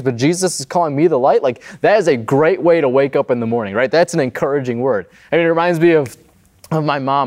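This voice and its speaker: Pastor, male, young adult, higher-pitched voice, easygoing conversational sermon delivery. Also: a little mellow. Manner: conversational, often adds "right?".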